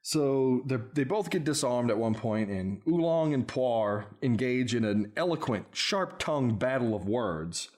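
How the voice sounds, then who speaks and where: A man's voice: medium pitch, lively intonation, unhurried, few pauses, a little mellow. Wry, laughing man recapping a film. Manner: wry play-by-play, laughs often at his own jokes. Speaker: podcast host. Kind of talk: casual podcast chat recapping a film.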